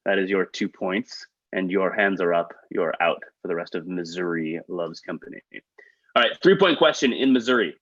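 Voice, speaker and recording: A man hosting a trivia game over a video call, reading questions with quick joking asides. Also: low-pitched, fairly bright tone, no room sound. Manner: upbeat, quick asides, chuckles at own jokes. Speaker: trivia quiz host. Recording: dull, lo-fi video call audio.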